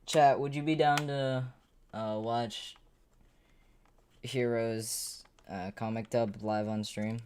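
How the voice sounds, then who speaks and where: A woman's voice: rumbling low, steady tone, slow pace, darkish tone, slight background noise. A woman streamer chatting casually on a livestream, rambling, swearing and talking to herself as she tinkers with gear. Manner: rambling, swears, talks to herself while working.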